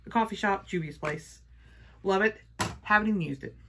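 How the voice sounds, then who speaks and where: A woman vlogger chatting casually through a makeup haul, gushing and playful, sometimes dropping to a hush. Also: medium pitch, normal speed, slight background noise. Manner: gushing, playful, talks to her palettes.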